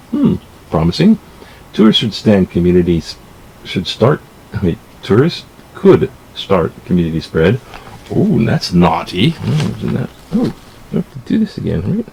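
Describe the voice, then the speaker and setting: A man with a low, gravelly voice reads newspaper items aloud at home, breaking off into jokey, rambling asides. His pitch swings widely as he goes, and he trips over words mid-sentence before pushing on. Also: darkish tone, a little hiss or hum. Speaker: vlogger reading the newspaper. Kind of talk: casual newspaper read-aloud with commentary.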